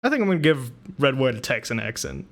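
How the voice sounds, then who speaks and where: A man's voice: medium pitch, very animated, quick pace, a bit bright. A man streaming a video game, reading its text aloud and dropping crude asides. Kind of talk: live gameplay reading and commentary. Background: game music.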